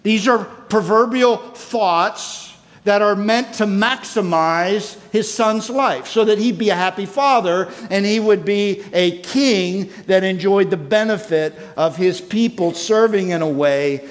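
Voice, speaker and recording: A man's voice: high-pitched, unhurried, hardly any pauses. A man preaching at a men's conference, making emphatic numbered points and reading scripture aloud. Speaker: conference speaker. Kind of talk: sermon. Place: church sanctuary. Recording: long hall reverb.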